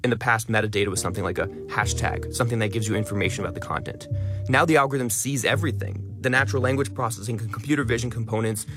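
A man who talks fast and stresses many words, a content creator being interviewed on radio in a studio. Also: fairly low pitch, music in the background.

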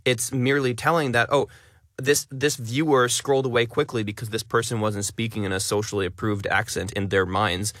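A man who talks fast and stresses many words, a content creator being interviewed on radio in a studio. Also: mid-range voice, steady tone, a bit bright, dry recording.

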